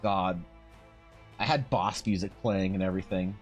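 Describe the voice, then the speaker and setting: A man streaming while he draws, telling a story in a loose, animated way. He swears, laughs and restarts often. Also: deep voice, moderate pace, highs cut off, soft background music. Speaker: streamer and artist.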